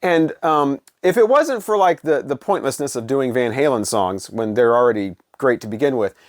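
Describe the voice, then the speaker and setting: A man's voice: mid-range voice, animated, moderate pace, no echo, clean studio sound. A middle-aged man giving a casual, blunt, opinionated music review, with frequent fillers and restarts. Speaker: vinyl collector vlogger.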